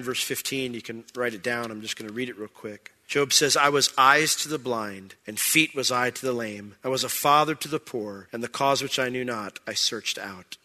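A man's voice: mid-range voice, sharp tone. A man preaching a conversational sermon, who explains verses and acts out quoted voices. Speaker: pastor.

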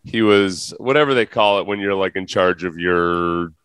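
A man's voice: sits low, moderate pace, a bit bright, clean tone, no room sound. A man hosting a podcast in casual chat, rambling through a story and laughing as he goes. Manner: rambling, searches for words, laughs through his stories. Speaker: podcast host.

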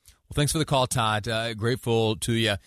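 Man, radio host, call-in show, halting delivery, dry close mic. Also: medium pitch, fairly even intonation, fairly bright tone, clear, resonant tone, no echo. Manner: halting, many restarts, laughs easily.

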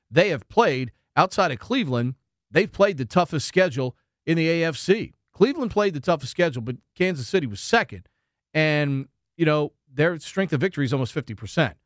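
A man's voice: a little high, dry recording, studio quality. Male co-host arguing with numbers. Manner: argues point by point with statistics. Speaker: sports radio co-host. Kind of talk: sports talk show.

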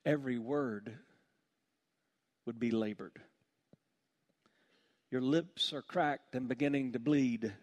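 A man preaching a sermon with passion, dropping to a hushed voice on heavy points. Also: mid-range voice, slow, long pauses, muffled recording. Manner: impassioned, drops to a hush on heavy points. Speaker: pastor.

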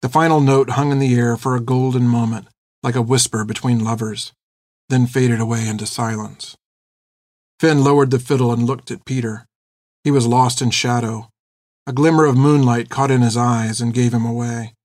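Guy reading a storybook, steady and expressive, dry close mic. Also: mid-range voice, dry recording. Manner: measured, expressive. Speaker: audiobook narrator. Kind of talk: scripted storybook narration.

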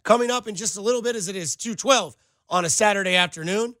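A man's voice: sits high, fast, sharp tone, no room sound. A male sports radio host talking with a sarcastic, riled-up edge.

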